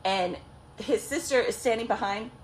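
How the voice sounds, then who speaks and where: A woman's voice: on the high side, moderate pace, slight background noise. A young woman vlogger telling a story casually, swearing a lot and acting out what people said. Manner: profane, animated, acts out quotes.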